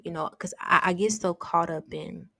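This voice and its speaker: Low-voiced woman, earnest and confessional. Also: fairly even intonation, moderate pace, vocal fry, fairly bright tone, no echo, studio quality. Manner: earnest, confessional, repeats words. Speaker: podcast host. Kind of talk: casual faith podcast talk.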